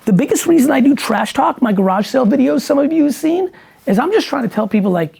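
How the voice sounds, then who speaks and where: A man's voice: very high voice, sing-song, quick pace, vocal fry, a little mellow, breathy edge. A man in casual conversation, talking bluntly and emphatically with lots of swearing. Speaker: guest entrepreneur.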